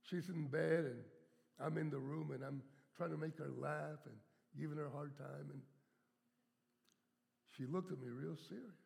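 Gravelly older man preaching in a reverberant hall. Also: fairly high pitch, moderate pace, a little mellow. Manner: storytelling preacher, stretches key words for emphasis. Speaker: guest preacher. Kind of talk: sermon.

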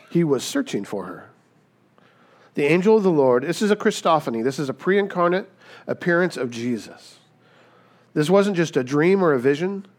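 A man preaching a sermon in a lively, conversational way, acting out the people he quotes and often asking "right?". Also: on the high side, a little fast. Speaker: pastor.

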